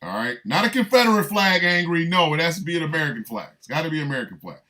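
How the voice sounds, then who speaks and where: A man performing a comic monologue, his slightly high voice swinging widely from low mutters to incredulous squeaks. He riffs in loops, repeating punchlines and breaking into mock-baffled asides. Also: rapid-fire. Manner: animated, repetitive riffing with mock-incredulous asides. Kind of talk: comedic monologue.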